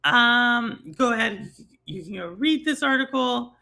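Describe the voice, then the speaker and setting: Gravelly-voiced Texan woman host. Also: on the high side, lively intonation, unhurried, bright, forceful tone. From Houston, Texas. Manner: rambling, filler-heavy, laughs often. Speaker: livestream host. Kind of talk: casual gaming talk stream.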